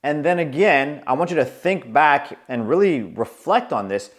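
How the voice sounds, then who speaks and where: A man in his forties telling a story to camera in a casual, animated way, acting out the voices of the people in it. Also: a little high, moderate pace. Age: 40s. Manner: animated, acts out quoted voices. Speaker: coach.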